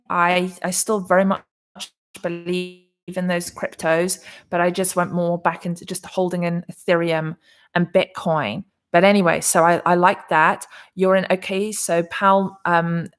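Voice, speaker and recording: A woman from England hosting a casual crypto livestream, chatting as she reads out viewer comments, rambling with many restarts and fillers. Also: fairly low pitch. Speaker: crypto channel host. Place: her condo in Arizona.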